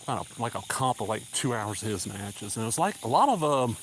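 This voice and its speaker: A man's voice: mid-range voice, animated, a little fast, a little hiss or hum, poor audio. A man with a Southern accent, rambling casually while walking, a little out of breath. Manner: rambling, casual, drawling asides. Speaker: vlogger. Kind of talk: rambling live-stream chat while walking. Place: country road outdoors. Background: crickets and insects.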